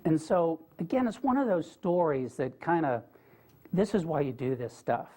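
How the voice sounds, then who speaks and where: A man's voice: fairly high pitch, expressive, moderate pace, a little mellow, slightly rough. A man giving a talk, speaking earnestly and plainly as he shares stories with the audience. He keeps it conversational and often turns to the listeners with a direct question. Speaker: guest speaker. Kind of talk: storytelling lecture to an audience. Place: lecture room with a live audience.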